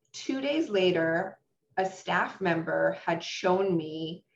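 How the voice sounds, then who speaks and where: A woman who owns a salon, telling a story in a casual interview in a frank, blunt way that turns to swearing when she is upset. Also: lowish voice. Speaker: salon owner. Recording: roomy, slightly dull sound.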